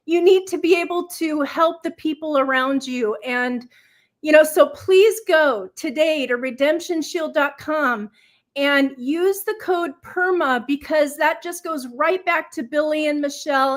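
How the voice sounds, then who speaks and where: A woman with a high voice talks as a podcast guest in a heartfelt, faith-filled way. She is earnest and emotional and sometimes sounds choked up. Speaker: guest, product seller.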